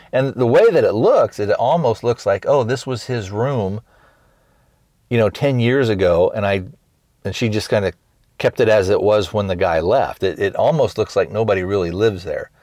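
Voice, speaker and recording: Low-voiced man rambling through a recap. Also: darkish tone, dry recording, studio quality. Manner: rambling, many restarts, acts out quoted lines. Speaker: podcast host reviewing a film. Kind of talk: casual recap.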